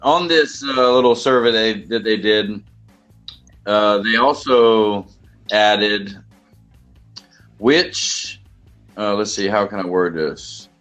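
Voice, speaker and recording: A man's voice: on the low side, slow pace, long pauses, a bit bright, soft background music, low-quality recording. A man with a Southern US accent hosting a casual podcast chat, rambling and joking with many restarts. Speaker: podcast host.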